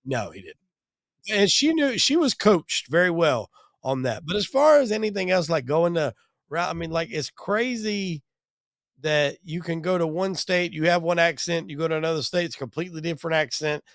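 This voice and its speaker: A man's voice: a little high, animated, normal speed, no room sound, studio quality. A man hosting a podcast, giving blunt, profane opinions in casual talk. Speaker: host.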